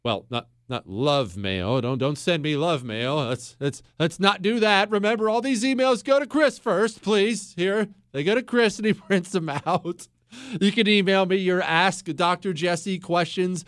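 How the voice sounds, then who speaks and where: A man's voice: high voice, a little slow, no room sound, clean studio sound. A male talk show host delivering a fiery, opinionated monologue, hammering his points and repeating phrases for punch.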